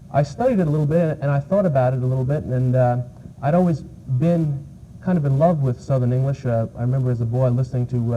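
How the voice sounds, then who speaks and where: A man from New York, a visiting English teacher, answers an interviewer in a dark, very mellow voice. He stops often on uh and um while he gathers his thoughts. The sound is dull and muffled, with a faint hiss behind it. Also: medium pitch. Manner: hesitant, many fillers.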